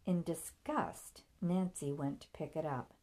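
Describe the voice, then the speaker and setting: A woman reads a novel aloud with a very low voice. Her delivery is steady and measured, in a plain storytelling manner. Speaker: narrator. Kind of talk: audiobook reading.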